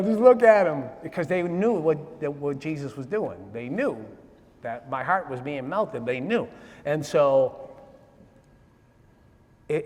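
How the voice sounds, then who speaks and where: A man shares his personal testimony in a hall, his voice sitting a little high. He talks in a lively, streetwise way, often checking in with his listeners. A long reverb trails behind his words. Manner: animated, streetwise, repeats "right?" to the crowd. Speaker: speaker giving testimony.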